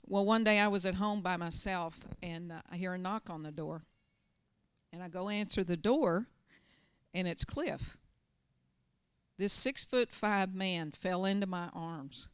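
A woman's voice: medium pitch, moderate pace, a bit bright, smooth, no room sound, studio quality. A middle-aged woman pastor preaching a sermon, telling stories with emphatic, urgent bursts. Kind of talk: sermon with personal storytelling.

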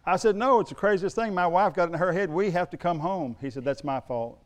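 A middle-aged man preaching a sermon, moving from quiet storytelling to emphatic calls to the congregation. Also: high voice, brisk. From United States. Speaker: pastor.

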